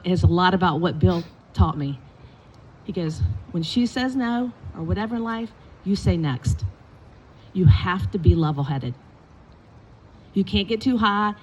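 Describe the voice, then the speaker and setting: A middle-aged woman coach tells stories at a memorial in a lively, animated way. She acts out what people said to her as she goes. Her voice sits mid-range, with a faint hum of noise behind it. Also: mid-range voice, dull audio. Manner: animated storytelling with acted quotes. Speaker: basketball coach. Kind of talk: eulogy with storytelling. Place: indoors at a funeral gathering.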